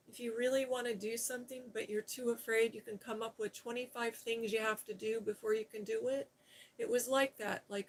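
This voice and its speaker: A middle-aged woman hosting a live stream, chatting in a rambling, heartfelt, soft-spoken way. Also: a little high, poor audio. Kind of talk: casual live-stream chat.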